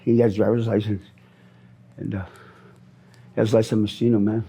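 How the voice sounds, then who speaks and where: A man's voice: on the low side, level tone, fairly quick, mellow, a little hiss or hum. A middle-aged man from Minnesota answering interview questions on the street, rambling, repeating himself and often ending with "man.".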